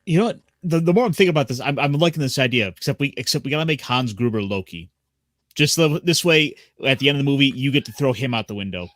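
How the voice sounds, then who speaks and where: A man's voice: mid-range voice, animated, fast talker, fairly bright tone, dry recording. Hesitant man in dry close sound. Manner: hesitant, repeats words as he thinks. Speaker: guest. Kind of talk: casual film discussion.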